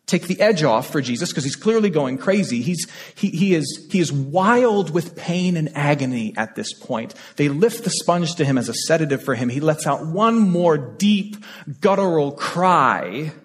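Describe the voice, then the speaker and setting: A man preaching a sermon in a church, his voice pitched high for a man and sweeping widely up and down. He repeats phrases with urgency and then drops to near-whispers. A long reverb from the sanctuary trails after each line. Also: lively intonation, normal speed. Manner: impassioned, repeats phrases, swings between loud and hushed. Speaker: pastor.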